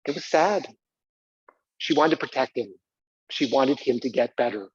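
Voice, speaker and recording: A man's voice: mid-range voice, animated, moderate pace, breathy edge, dry recording, highs cut off. A man performing a live one-man stage show, talking theatrically and prodding the audience to join in. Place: community center stage.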